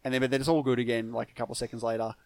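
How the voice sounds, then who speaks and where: A man's voice: mid-range voice, little pitch movement, rapid-fire, no room sound. A man co-hosting a casual film review podcast, easygoing and laughing often, with hesitant restarts. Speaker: podcast co-host.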